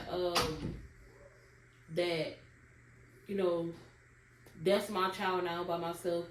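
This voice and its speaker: A young woman tells her own birth story to viewers in a casual, emotional way and keeps calling them y'all. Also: lowish voice. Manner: addresses viewers as y'all often, casual Southern US dialect. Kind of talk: emotional personal storytelling to camera. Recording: roomy sound from a distance with faint background noise.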